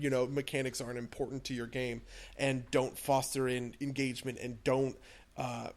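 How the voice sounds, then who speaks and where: Casting: young male podcast co-host, rambling and opinionated, filler-heavy casual chat. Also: medium pitch. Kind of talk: casual chat about games.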